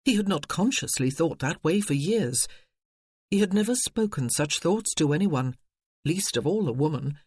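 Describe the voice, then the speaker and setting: Measured audiobook narrator, dry close sound. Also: mid-range voice, lively intonation, a little mellow, husky, no room sound. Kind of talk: scripted narration.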